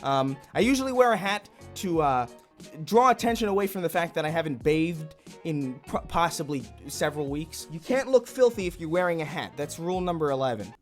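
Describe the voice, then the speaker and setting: A man hosting a deadpan mock how-to, rambling and restarting his sentences, recorded at a home desk. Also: fairly high pitch, fairly quick, faint music behind. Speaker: comedy YouTuber parody host. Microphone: desk mic in home setup.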